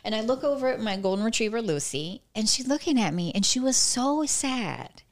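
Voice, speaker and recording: Female guest, gravelly voice, animated storyteller who laughs easily. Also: on the high side, brisk. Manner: animated, laughs often, acts out quotes. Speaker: pet psychic guest. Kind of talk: casual storytelling chat.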